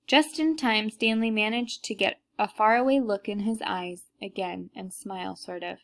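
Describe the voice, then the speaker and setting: A woman's voice: medium pitch, moderate pace, fairly bright tone. A woman reading a children's book aloud, narrating plainly and unhurriedly with small slips.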